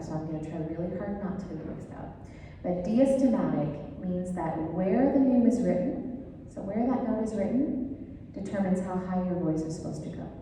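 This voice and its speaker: A woman's voice: mid-range voice, dark tone, slight background noise. A woman giving a casual, chatty classroom lecture, enthusiastic and sprinkled with fillers. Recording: echoey hall, voice far from mic.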